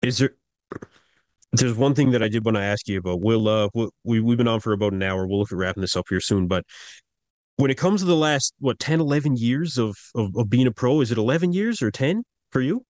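A man's voice: mid-range voice, lively intonation, a little fast, a little mellow, dry recording. Male host, interview questions, encouraging, frequent backchannels, dry close mic. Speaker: podcast host.

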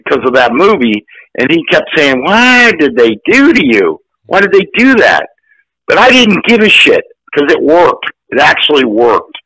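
A man in his sixties, an actor guest, telling profane, animated stories in casual chat. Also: medium pitch, vocal fry, no room sound, low-quality recording. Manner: profane, animated, acts out quotes. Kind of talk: casual storytelling.

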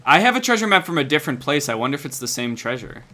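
Playful, teasing male gamer with a bright, animated voice. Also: fairly high pitch, racing. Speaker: game guest. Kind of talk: casual gaming chat.

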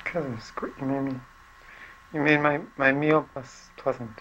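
Man, video diarist, mid pitch, halting and filler-heavy, gets loud and excited, noisy traffic and car background. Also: dull audio. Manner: halting, with many fillers and restarts; yelling excitedly while chasing birds. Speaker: diarist filming himself. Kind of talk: casual video diary. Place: home apartment, then a car.

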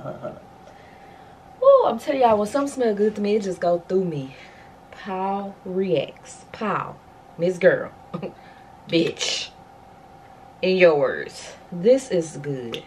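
A woman with a lowish voice vlogs from her bedroom, talking straight to her viewers in a chatty, slangy way full of exclamations. She sounds slightly breathless, and there's a bit of background noise.

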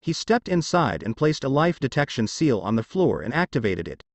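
A man narrating a fanfiction story in an expressive storytelling manner. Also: medium pitch, normal speed, no echo, lo-fi sound.

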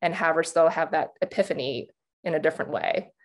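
Chatty young woman talking awards picks, low voice. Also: a little fast. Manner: chatty, lots of "like" and restarts, laughs easily. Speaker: awards pundit. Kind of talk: casual panel discussion.

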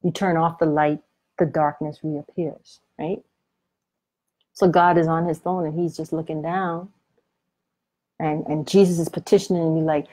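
A woman's voice: low voice, level tone, unhurried, pauses often, warm tone. A woman teaching on the Bible in a preaching video, speaking in a colloquial and emphatic way. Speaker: Christian author and Bible teacher.

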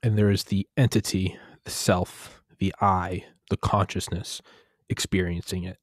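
A man's voice: deep voice, flat delivery, a little slow, dry recording, clean studio sound. A young man talking in a casual, rambling monologue, profane and digressive, often restarting his sentences.

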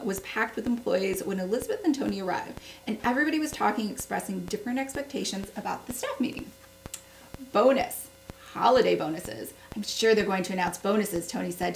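A woman's voice: mid-range voice, vocal fry, echoey room, far from the mic, slight background noise, low-quality recording. A woman reading a cozy mystery aloud, giving the characters small voice shifts. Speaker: book club host reading aloud.

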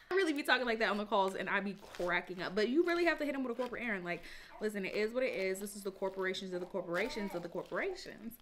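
A woman's voice: mid-range voice, lively intonation, very fast, fairly bright tone, a little hiss or hum. A young woman talking casually to her viewers in a vlog, chatty and playful, often calling them y'all. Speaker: lifestyle vlogger. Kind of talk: casual vlog chat to camera.

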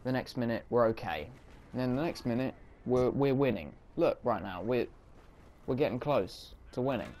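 A man's voice: mid-range voice, expressive, normal speed, a little mellow. A man giving casual, self-mocking commentary while playing a video game, reacting on the fly. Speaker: gaming commentator.

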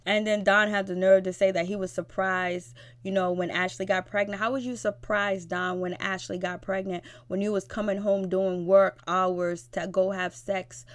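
A woman's voice: mid-range voice, level tone, moderate pace, few pauses. A woman casually recapping a reality show episode in a slangy, chatty way. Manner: slangy, chatty, frequent fillers.

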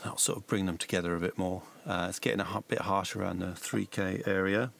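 A man, working as a mastering engineer, giving relaxed, hedged feedback on music mixes. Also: low voice, brisk, vocal fry. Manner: relaxed, hedging suggestions. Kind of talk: casual spoken feedback.

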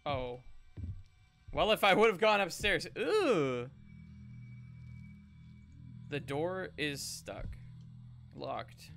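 A man commenting on his horror game playthrough, excitable, swearing and chuckling as he talks to himself. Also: a little high, very slow, vocal fry, pauses often, soft background music. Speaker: game streamer.

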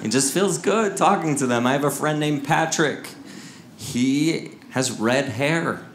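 A man's voice: fairly high pitch, animated, a little slow, slight background noise. A man from Seattle doing stand-up comedy, wry and self-mocking, acting out voices in his stories. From Seattle, USA. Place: comedy club stage. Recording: roomy club sound with ambience.

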